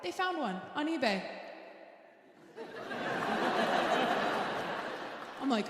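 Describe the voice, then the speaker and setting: A woman performing a stand-up comedy set, building to loud, mocking punchlines. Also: high voice, big pitch swings, slow, long pauses, heavy background noise. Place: theater stage. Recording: live hall reverb, faint ambience.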